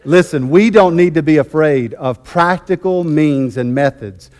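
A man's voice: on the high side, measured pace, a little mellow. A man preaching a sermon as pastor, fervent and emphatic, often repeating and restarting his phrases.

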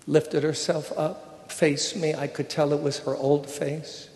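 A man's voice: on the high side, little pitch movement, a little slow, creaky. Older man preaching in a reverberant hall. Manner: emotional, conversational storytelling with hushed moments. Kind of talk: sermon with personal testimony. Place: church sanctuary.

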